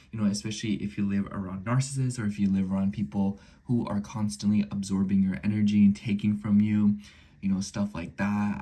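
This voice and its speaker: A man's voice: lowish voice, slightly rough. A man reading weekly horoscopes in a rambling, casual way, full of fillers, sometimes dropping to a whisper, a little under the weather. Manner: rambling, many filler likes, slips into soft whispers. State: a little sick. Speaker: astrology and tarot reader.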